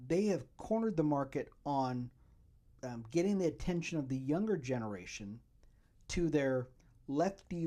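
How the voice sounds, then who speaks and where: Guy doing a solo podcast rant, mellow warm voice, rambly, keeps saying okay?. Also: fairly high pitch. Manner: rambling, repeats "okay?" to the listeners. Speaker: podcast host. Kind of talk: solo political commentary.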